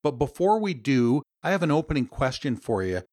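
A man's voice: medium pitch, very animated, a little fast, darkish tone, no room sound, clean studio sound. A Canadian man hosting a podcast interview, telling a personal story and welcoming his guest. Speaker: podcast host.

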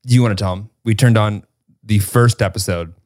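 A man's voice: lowish voice, a little fast, dry recording, clean studio sound. A man co-hosting a podcast in casual chat, telling stories dramatically and acting out little quotes. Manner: animated, dramatic storytelling with acted-out quotes. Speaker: podcast co-host.

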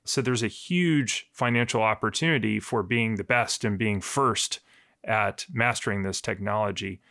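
Male reporter, gravelly voice, dry close sound, easy explanatory delivery. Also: fairly low pitch, moderate pace, no room sound. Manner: relaxed, explanatory, joking. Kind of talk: conversational news podcast.

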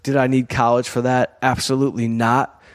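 A man's voice: medium pitch, little pitch movement, moderate pace. A man hosting his own show, telling a personal story in a candid, conversational way, full of "you know" and "like.". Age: adult, college-educated comedian and performer. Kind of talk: casual storytelling monologue.

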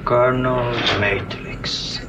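Slow, labored ex-dictator villain played by a man with a clumsy fake Spanish accent, film audio with noise behind. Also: medium pitch, fairly even intonation, close to an everyday voice. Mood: menacing. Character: middle-aged male ex-dictator villain. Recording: film soundtrack with background noise.

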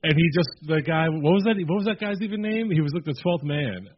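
A man co-hosting a podcast in casual chat, steering the talk in a relaxed way. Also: on the high side, fast. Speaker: podcast co-host. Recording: dull lo-fi sound.

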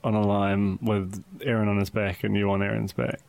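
Gravelly New podcaster cracking jokes. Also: low-pitched, little pitch movement, normal speed, darkish tone. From New Zealand. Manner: teasing, joking asides. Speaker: podcast co-host. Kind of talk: casual chat.

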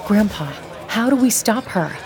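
A woman reading a story aloud, voicing an urgent, frightened young granddaughter in a high, strained voice. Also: animated, moderate pace, crowd noise, close to an everyday voice. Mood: pleading. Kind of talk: audiobook character voice.

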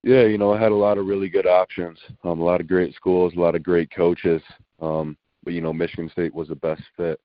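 A man's voice: deep voice, flat delivery, brisk, dry recording. A young man being interviewed over the phone, answering plainly and hesitantly with many fillers. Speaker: guest football recruit. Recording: dull dry phone line.

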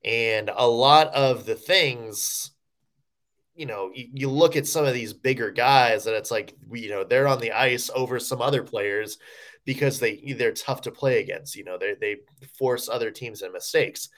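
A man co-hosting a sports podcast in casual chat, giving lively, joking analysis full of "you know" and "like". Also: medium pitch, normal speed. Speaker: podcast co-host.

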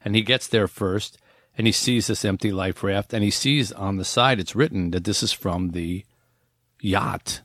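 Low-voiced man telling a story on a podcast. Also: measured pace, fairly bright tone, dry recording, clean studio sound. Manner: conversational storytelling with frequent fillers and restarts. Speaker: podcast host. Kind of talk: casual podcast, retelling a book's plot.

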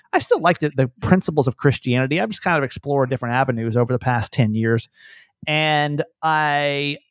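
A man hosting a podcast, talking in a rambling, self-deprecating way and telling animated stories. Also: medium pitch, dry recording, clean studio sound. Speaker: podcast host. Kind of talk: casual podcast chat.

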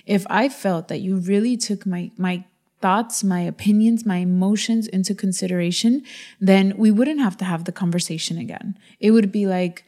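Earnest woman in her thirties, mellow voice. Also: mid-range voice, normal speed. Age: 30s. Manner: earnest, pressing her point with quoted asides. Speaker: podcast co-host. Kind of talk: candid couple conversation.

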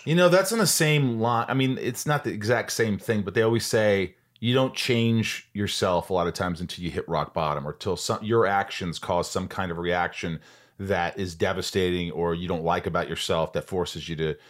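Lowish-voiced man hosting a podcast. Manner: enthusiastic, jumps in with reactions and quick questions. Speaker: podcast host. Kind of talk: casual interview chat.

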